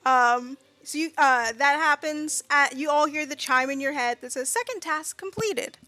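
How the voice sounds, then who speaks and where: A woman's voice: sits high, steady tone, normal speed, bright, forceful tone. A woman running a tabletop game as game master, chatty and full of fillers as she narrates.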